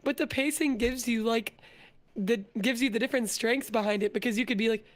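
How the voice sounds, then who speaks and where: A young adult woman chatting playfully as a guest, quick to laugh and animated. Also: fairly high pitch. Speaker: vtuber guest. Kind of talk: playful casual chat.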